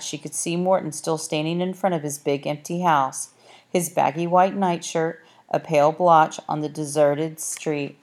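A woman narrating a children's novel in a measured, expressive storytelling manner. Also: sits low. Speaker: audiobook narrator. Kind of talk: scripted narration.

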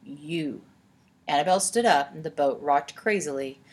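A woman narrating a storybook aloud in a steady, expressive way. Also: low-pitched, slightly rough. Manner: steady, expressive, slows for tense moments.

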